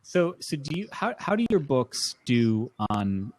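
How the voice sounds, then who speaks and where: Lively man asking probing questions. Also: mid-range voice, a little slow. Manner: probing, thinks aloud in long questions. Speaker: podcast co-host. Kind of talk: casual podcast chat.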